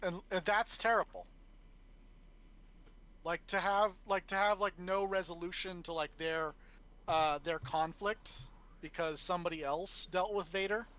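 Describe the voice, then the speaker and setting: A man with a fairly high voice co-hosting a podcast in casual talk. He stops and restarts a lot as he hunts for the right words. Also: steady tone, pushed and bright. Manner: halting, searches for words. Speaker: podcast co-host.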